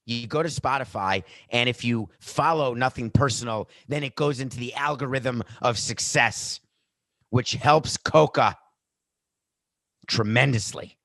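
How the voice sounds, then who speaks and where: A man hosting a podcast, giving sports betting picks with jokey asides and animated delivery. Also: medium pitch, measured pace, dry recording. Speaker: podcast host.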